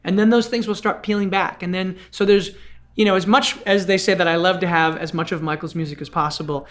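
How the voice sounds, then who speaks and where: A man's voice: high voice, a little fast. A middle-aged man, a film director, talking animatedly in a podcast conversation, often restarting and rambling through his stories. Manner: animated, rambling, self-interrupting storyteller.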